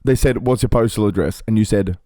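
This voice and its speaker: A man's voice: lowish voice, a little fast, mellow, no room sound, clean studio sound. A young man co-hosting a podcast, teasing and joking in casual chat, laughing a lot. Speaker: podcast co-host.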